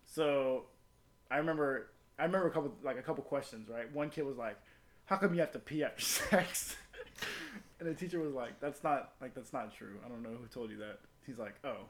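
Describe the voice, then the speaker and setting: A man's voice: medium pitch, brisk. A man telling a long crude story in casual podcast chat, rambling and full of profanity.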